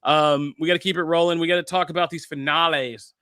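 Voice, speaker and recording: A man's voice: a little high, steady tone, fast talker, pushed and bright, smooth, no room sound, studio quality. A man hosting a casual pop-culture podcast, joking playfully while steering the talk along. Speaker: podcast host.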